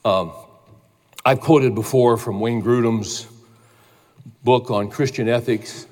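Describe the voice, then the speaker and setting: A man preaching a sermon as pastor, telling a story in a casual, animated way. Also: medium pitch, slow pace, in a large hall. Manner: storytelling, animated when quoting others.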